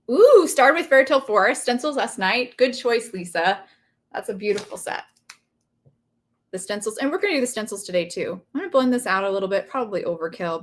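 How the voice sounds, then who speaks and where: A woman hosting a craft livestream, chatting casually and telling a family story while she works and reads viewer comments. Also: mid-range voice.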